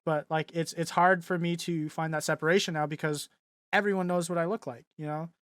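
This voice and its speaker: A man's voice: on the high side, steady tone, a little fast, a bit bright, no room sound, studio quality. A young man co-hosting a podcast and chatting casually, rambling with lots of fillers. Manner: rambling, filler-heavy, laughs easily. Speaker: podcast co-host and streamer. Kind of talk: casual chat.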